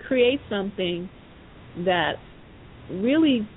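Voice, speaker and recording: Casual podcast storyteller, rambling with lots of asides, over a thin phone line with a low rumble behind. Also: expressive, slow. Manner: rambling, full of "you know" asides. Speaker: podcast speaker.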